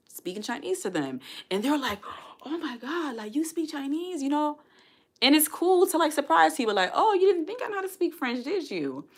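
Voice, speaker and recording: A woman chatting casually with her livestream viewers, rambling and encouraging as she signs off. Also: lowish voice.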